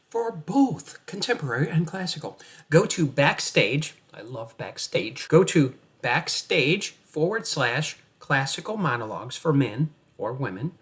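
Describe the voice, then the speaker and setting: An energetic male acting coach talks straight to the viewer with a playful, encouraging push. His voice sits a little on the high side. He coaches with upbeat drive. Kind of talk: coaching monologue to camera.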